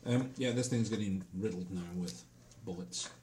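A man's voice: lowish voice, normal speed, roomy sound, noisy background. A man narrating as game master, hesitant, with lots of ums.

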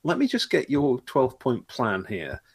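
A man's voice: mid-range voice, huge pitch swings, normal speed, slight background noise. A man bantering sarcastically with friends during a tabletop game. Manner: dry sarcastic. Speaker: player.

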